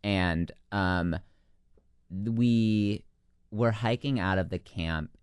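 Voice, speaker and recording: A young man with a very deep, smooth voice tells a long story from his camp counselor days. His speech rambles and leans heavily on "like" and "um". The sound is dry and close. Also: drawn-out words, no room sound. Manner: rambling, heavy use of "like" and "um". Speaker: guest, former camp counselor. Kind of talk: casual storytelling.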